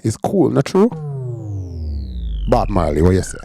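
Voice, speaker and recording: A man with a Canadian Jamaican accent hosting a casual commentary show and giving loose, chatty shout-outs. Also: mid-range voice, wildly swooping pitch, unhurried, gravelly, slightly rough, soft background music. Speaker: host. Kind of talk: casual commentary over clips.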